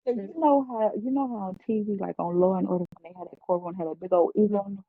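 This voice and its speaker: A woman's voice: mid-range voice, fast, dry recording. A woman as a podcast guest, telling an emotional personal testimony in a heartfelt, preacherly way. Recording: phone-like, dry.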